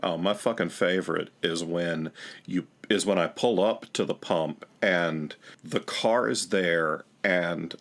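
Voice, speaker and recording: A man's voice: low voice, slow, fairly bright tone. A man co-hosting a podcast, blunt and sweary in casual banter. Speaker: podcast co-host. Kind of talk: casual comedic chat.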